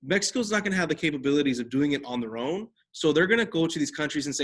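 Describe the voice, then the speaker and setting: A man's voice: a little high, lively intonation, very fast, few pauses. Casual young male teacher lecturing over slides. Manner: casual, chatty, addresses class directly, many fillers. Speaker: history teacher.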